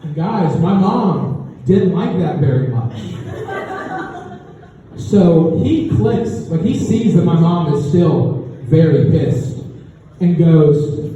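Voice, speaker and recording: A man's voice: on the high side, slow pace, dark tone, slight background noise. A young man performing a stand-up comedy set in a club, telling a story with lots of filler words. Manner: conversational storytelling with many fillers. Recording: echoey far-off club recording, dull.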